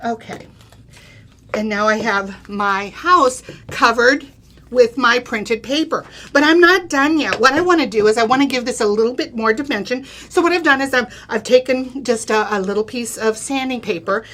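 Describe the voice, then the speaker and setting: A middle-aged woman hosts a live craft product demo, walking through each step in a chatty way and checking in with "okay?" and "right?" Her voice sits on the high side, a bit bright, at a normal speed.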